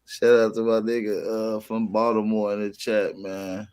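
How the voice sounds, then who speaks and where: A man's voice: fairly low pitch, flat delivery, normal speed, hardly any pauses, very noisy. A man hosting a casual livestream, talking in slang, greeting chat viewers and plugging merch over and over. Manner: plugs merch with repeated calls to shop. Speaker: livestream host.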